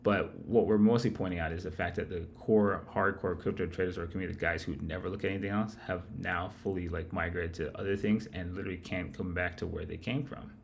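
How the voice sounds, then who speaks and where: A man's voice: low voice, gravelly, a little hiss or hum. Foul-mouthed man hosting a trading stream. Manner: profane, rambling, talks to chat directly. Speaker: host of a live market-analysis stream. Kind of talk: casual livestream market commentary.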